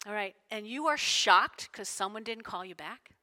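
A woman pastor preaching a lively sermon to her congregation, playfully acting out the people she quotes. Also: mid-range voice, moderate pace. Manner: animated, playful, acts out quotes with big shifts. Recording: long hall reverb.

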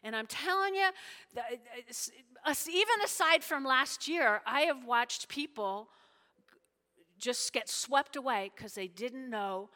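A woman delivers a sermon with a high, bright voice that rings through a reverberant hall. She preaches in an emphatic, conversational way, often pausing to check in with her listeners. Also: expressive.

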